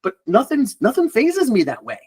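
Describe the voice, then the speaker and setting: A man's voice: extremely high pitch, wildly swooping pitch, normal speed, a little mellow, slightly rough. A man who is a recruiter, chatting casually and bluntly, swearing and acting out phone calls. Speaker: recruiter guest. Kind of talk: casual podcast chat.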